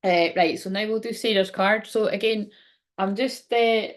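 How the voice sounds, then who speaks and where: A chatty woman hosts a live tarot reading, talking straight to her viewers. She rambles warmly between cards, laughs easily and drops the odd swear word. Her voice sits at an ordinary middle pitch for a woman. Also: fairly even intonation, normal speed. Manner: chatty, laughs often, swears casually, reads viewer comments aloud. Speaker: tarot card reader and livestream host. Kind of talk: casual live-stream card reading.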